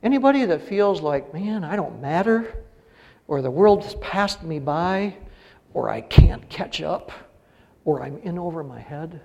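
A middle-aged pastor delivers his sermon in a gravelly, slightly high voice. He talks earnestly and climbs to emphatic peaks on key phrases. The sound rings with the long reverb of a church hall. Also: lively intonation, measured pace, mellow. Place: church sanctuary.

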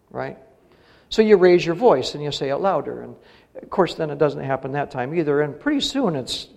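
A man's voice: a little high, creaky, darkish tone. A middle-aged male pastor preaching a sermon, earnest and building to emphatic peaks on key phrases. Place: church sanctuary. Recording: long reverb of a church hall.

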